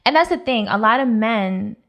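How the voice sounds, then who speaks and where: A young woman in her twenties, a podcast co-host, telling a personal story in casual chat, animated and laughing often. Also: on the high side, moderate pace, gravelly. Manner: animated, voices other people, laughs often.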